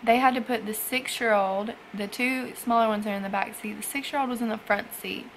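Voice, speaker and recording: A young woman, a foster mother, talking in an emotional personal vlog, halting and tearful with sighs and trailing phrases. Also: fairly high pitch, steady tone, a bit bright, slight background noise, rough recording. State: emotional after crying. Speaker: foster parent vlogger.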